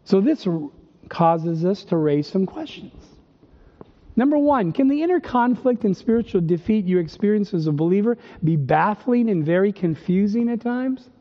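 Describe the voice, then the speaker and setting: A man preaching a sermon, emphatic and full of rhetorical questions, slowing down to stress quoted verses. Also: high voice, animated. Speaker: pastor. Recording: dull sound with long reverb.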